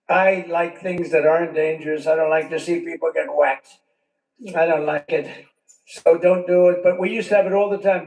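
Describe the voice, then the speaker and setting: Rally speaker, older man, highish voice, roomy far-off mic sound. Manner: rambling, repetitive, with conversational asides. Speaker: politician giving a speech. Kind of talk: rally speech. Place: large venue with a crowd.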